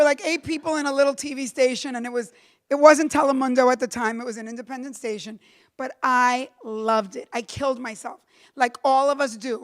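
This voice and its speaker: A middle-aged woman giving a storytelling talk to a live audience, animated, acting out the voices she quotes and slipping in Spanish phrases. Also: a little high. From Cuba. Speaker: keynote speaker. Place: lecture room with a live audience.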